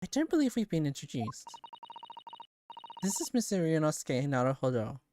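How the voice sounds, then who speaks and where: A woman's voice: sits low, very animated, normal speed, dark tone, slight background noise. A woman streamer voicing a courteous, cheerful young Japanese female assistant in a formal, polite manner.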